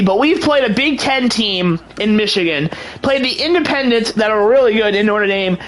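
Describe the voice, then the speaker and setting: A young man giving excited play-by-play commentary over a video game in a hyped, mock sports-announcer manner. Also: extremely high pitch, low-quality recording. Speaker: gaming channel host.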